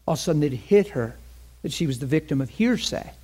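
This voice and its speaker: A man preaching a sermon with impassioned delivery, moving between loud bursts and hushed lines. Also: fairly high pitch, lively intonation, fast, husky. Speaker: pastor.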